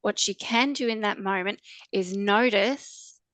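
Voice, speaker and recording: A woman coach speaking as a podcast guest. She explains things in a calm, soothing, reassuring way, in a mid-range voice. The recording is dry and close. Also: mid-range voice, unhurried, no room sound. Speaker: trauma coach.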